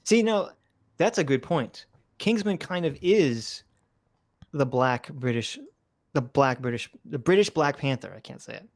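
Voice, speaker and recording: A man's voice: mid-range voice, expressive, measured pace. A man co-hosting a casual livestream chat, joking, laughing often and reading out viewer messages. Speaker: livestream co-host reading donations.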